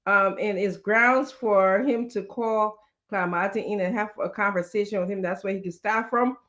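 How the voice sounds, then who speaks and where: A woman, a guest giving measured political commentary on a talk show. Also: medium pitch, a bit bright. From Liberia.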